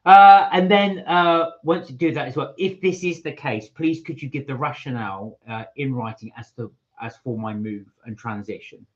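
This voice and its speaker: A man's voice: medium pitch, normal speed, few pauses, muffled recording. A man co-hosting a live stream, reading out viewer comments and chatting casually, with lots of hesitant fillers. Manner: rambling, hesitant with many fillers. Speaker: channel co-host.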